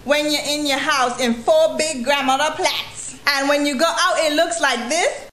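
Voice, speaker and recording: A woman's voice: high voice, steady tone, a little slow, fairly bright tone. A woman with an Anguillian accent, talking playfully to camera in a comic monologue, teasing and acting out exaggerated examples. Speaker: vlogger.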